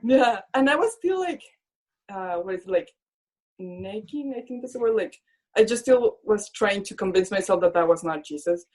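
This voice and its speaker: A woman's voice: mid-range voice, animated, normal speed, a little mellow. A young woman sharing a personal faith story as a guest, speaking earnestly, leaning on "like" a lot and voicing her own past thoughts as quoted lines. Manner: earnest, fills speech with "like". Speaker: guest, illustrator. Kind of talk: personal faith testimony in conversation.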